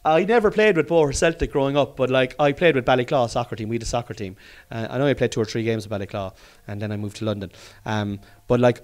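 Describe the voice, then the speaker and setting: A man's voice: mid-range voice, a little mellow. Man, Cork accent, middle-aged, podcast host, casual rambling chat, swears freely. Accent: Irish, Cork.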